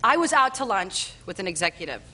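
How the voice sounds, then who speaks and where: A woman guest on a late-night talk show, telling a comic anecdote in a deadpan way and acting out the other people's lines. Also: medium pitch, fairly quick. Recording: television studio with audience noise.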